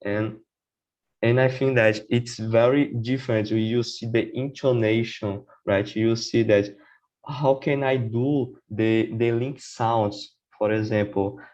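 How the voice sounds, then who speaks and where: A man's voice: medium pitch, fairly even intonation, slow, darkish tone, muffled recording. A man speaking as a guest on a casual podcast about learning English. He talks hesitantly, often saying "for example" and "right?".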